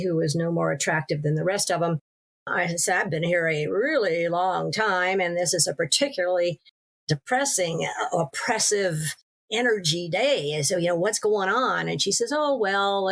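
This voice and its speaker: A woman, a podcast guest and author, telling her story in an interview in a lively way, with restarts. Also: on the low side. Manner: animated storytelling with laughs and restarts.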